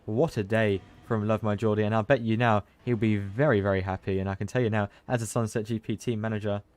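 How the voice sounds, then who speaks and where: A man giving live commentary on an online racing qualifying session, chatty and loose, surging with excitement at the big moments. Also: on the low side, fast talker. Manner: loose, chatty, with restarts and asides. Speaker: race commentator; team manager. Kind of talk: live esports race commentary.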